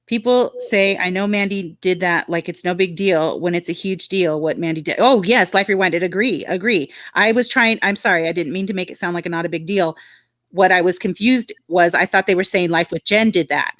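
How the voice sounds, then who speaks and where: A woman's voice: lowish voice, a little fast, a bit bright, dry recording, clean studio sound. A woman casually chatting on a livestream, frank and talkative, reading viewer comments aloud. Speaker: livestream co-host reading chat.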